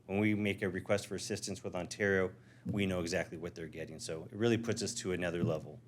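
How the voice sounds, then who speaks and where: A man with a low voice delivers short, matter-of-fact remarks at a council meeting. His words come plainly, with faint hiss behind him. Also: steady tone, fast.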